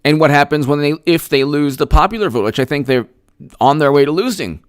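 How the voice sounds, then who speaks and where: A man's voice: on the high side, a little fast, clean tone, no room sound, studio quality. A man giving solo political commentary, arguing his points with rhetorical questions, restarts and scoffing laughs. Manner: frequent restarts and fillers, mocking laughs.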